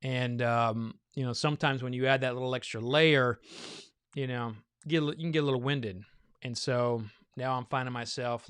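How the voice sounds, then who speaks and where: A man talks casually and rambles with plenty of fillers, a little winded from all the talking. His voice is smooth and clear at a middling pitch. The sound is dry and close, with no room echo. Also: fairly bright tone. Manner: rambling, loose, thinking aloud with many fillers. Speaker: bourbon reviewer hosting a blind tasting. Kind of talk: casual live tasting chat.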